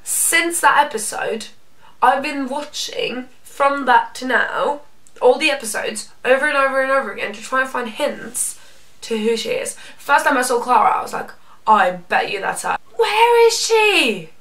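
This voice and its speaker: A young Norwegian woman with a Norwegian accent, reading fan questions in an excitable, chatty way. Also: high voice, moderate pace, recorded from a distance. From Norway. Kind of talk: casual Q&A chat. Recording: echoey room, off-mic.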